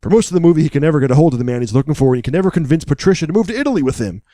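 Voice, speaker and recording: A man co-hosting a podcast, recapping a film in a casual, wry, joking way with deadpan asides. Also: on the high side, very fast, dry recording, studio quality.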